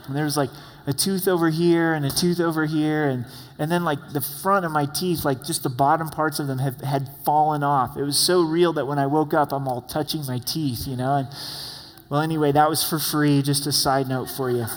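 A man's voice: fairly high pitch, fairly even intonation, normal speed. Casual, conversational preacher man. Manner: casual, conversational, with asides and repeated words. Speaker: pastor. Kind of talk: expository sermon. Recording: long hall reverb.

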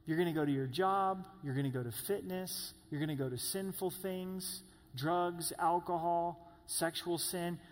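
A man preaching with a high, light voice, which rings out in the long reverb of a large hall. He climbs into loud, strained cries whenever he voices pleas. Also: fairly even intonation, a little slow. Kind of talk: sermon.

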